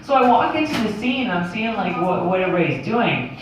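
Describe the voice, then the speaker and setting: A man's voice: high voice, sing-song, a little fast, a little hiss or hum. A man telling a rambling comic story, swearing and laughing at his own jokes. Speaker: comedian. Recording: echoey room, distant mic.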